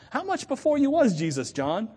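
Woman, pastor, sermon, chatty with laughing asides, high voice, long hall reverb. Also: wildly swooping pitch, measured pace, warm tone, slightly rough.

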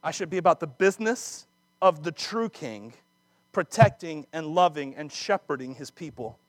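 A man preaching a sermon, acting out scripture dramatically with laughs and quick asides. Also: on the high side, lively intonation, dry recording. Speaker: pastor.

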